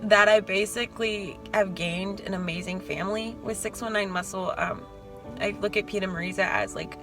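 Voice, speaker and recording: A woman's voice: medium pitch, steady tone, normal speed, rough recording. A woman competing in bodybuilding, talking casually to camera in a chatty, openly emotional way. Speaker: bodybuilding competitor vlogging her show day. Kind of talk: casual vlog talk to camera. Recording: background music and crowd chatter.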